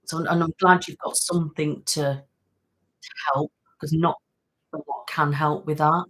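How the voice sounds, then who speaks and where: A woman's voice: deep voice, fairly even intonation, measured pace, a bit bright, rough recording. A woman hosting an ASMR live stream, chatting casually and thanking viewers by name. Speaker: ASMR channel host. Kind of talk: casual live-stream chat reading comments. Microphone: studio mic.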